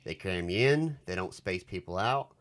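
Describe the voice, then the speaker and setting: A man's voice: deep voice, lively intonation, moderate pace, fairly bright tone, a little hiss or hum. A man voicing a male haunted-house fan reading his own review, in an emphatic, lecturing Southern US accent.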